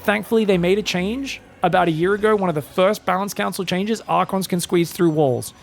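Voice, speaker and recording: Gravelly, high-voiced male game caster. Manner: chatty, joking, quick play-by-play. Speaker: esports caster. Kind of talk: live game commentary.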